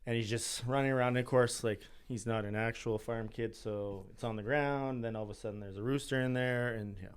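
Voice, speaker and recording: A man's voice: medium pitch, brisk, few pauses, clean tone. A Canadian man telling a wedding story in casual chat with friends, laughing as he goes. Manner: animated, laughs through his stories. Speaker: podcast guest.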